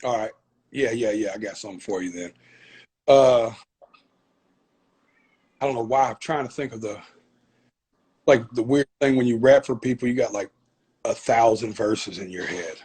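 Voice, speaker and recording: A man with a Southern accent, a guest chatting casually in an interview, laid-back and quick to laugh. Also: medium pitch, a little mellow, slightly rough. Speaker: guest rapper.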